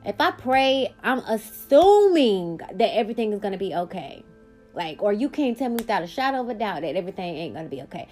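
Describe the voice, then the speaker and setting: A woman's voice: mid-range voice, sing-song, a little fast, darkish tone, faint music behind. Blunt, cursing woman podcaster. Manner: blunt and profane, emphatic bursts. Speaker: podcast host. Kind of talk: candid personal storytelling.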